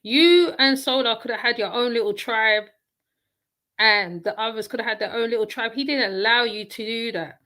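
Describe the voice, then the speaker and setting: A woman talks through a reaction commentary, blunt and rambling, circling back to the same point again and again. Her voice sits a little high and rings bright and forceful. She sounds unscripted and conversational. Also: normal speed. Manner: blunt, rambling, repeats herself.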